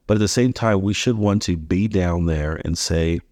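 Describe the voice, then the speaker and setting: A man's voice: low-pitched, normal speed, darkish tone, dry recording, clean studio sound. A man in his thirties hosting a podcast, talking earnestly and telling anecdotes, often restarting his sentences. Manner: earnest, repeats words when starting, tells anecdotes. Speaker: podcast host. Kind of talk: casual conversation.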